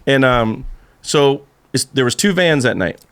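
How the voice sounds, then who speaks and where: A man's voice: medium pitch, a little slow, clear, resonant tone. A man telling a story on a podcast, acting out the voices and laughing as he goes. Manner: animated storyteller, acts out voices, laughs through. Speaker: podcast guest, skateboarder. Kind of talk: casual storytelling chat.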